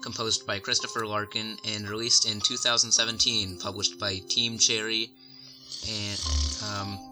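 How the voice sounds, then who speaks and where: A man's voice: lowish voice, flat delivery, normal speed, low-quality recording. A man co-hosting a casual podcast about game music, giving track details with hesitant fillers. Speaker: podcast co-host.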